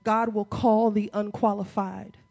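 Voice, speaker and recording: A woman's voice: medium pitch, flat delivery, a little slow, gravelly, a little mellow. A woman pastor preaching a conversational sermon, acting out quotes as she goes.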